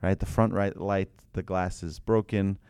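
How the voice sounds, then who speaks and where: A man with a lower, smooth voice teaches a religious class to a room of listeners at a measured pace. He is animated, posing rhetorical questions and telling anecdotes, and the sound is dry and close with no echo.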